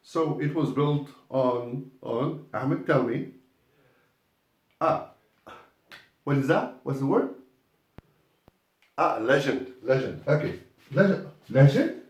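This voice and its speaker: A man's voice: medium pitch, slow pace, long pauses. A man teaching English pronunciation in a classroom, patiently repeating words and calling on students. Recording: echoey classroom from far off.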